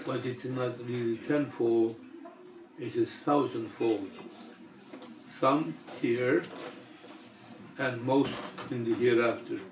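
An older man delivering a sermon in a slow, measured way with long pauses. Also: medium pitch, slight background noise. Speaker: religious teacher. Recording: echoey room, mic far off.

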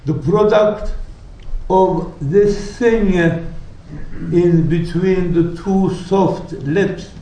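A man preaching a sermon, telling stories slowly and deliberately and acting out the people in them. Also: high voice, warm tone, muffled recording. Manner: slow, deliberate storytelling with dramatic quoted voices. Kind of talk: sermon storytelling. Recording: echoey hall, speaker far from mic.

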